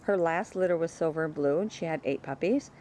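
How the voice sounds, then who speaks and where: A woman talking casually about her dogs in her yard, chatting away and calling to them in a high sing-song. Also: a little fast, darkish tone, a little hiss or hum. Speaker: dog breeder. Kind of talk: casual home video narration.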